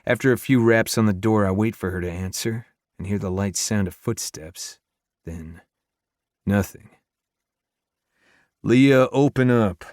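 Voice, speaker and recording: A man narrates a romance novel in the first person, keeping his voice lowish and intimate. He sounds earnest and close. The recording is dry, with no room echo. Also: normal speed, darkish tone. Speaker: audiobook narrator.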